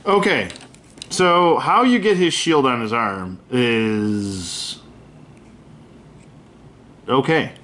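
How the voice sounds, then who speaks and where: A man's voice: mid-range voice, expressive, very slow, long pauses, fairly bright tone, slight background noise. A man talks through an action figure review in a loose, unscripted way, voicing his gripes bluntly and cursing without a second thought. His sentences wander, restart and fill up with ums and uhs as he handles the toy. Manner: candid, griping, swears freely; rambling with many fillers and self-corrections.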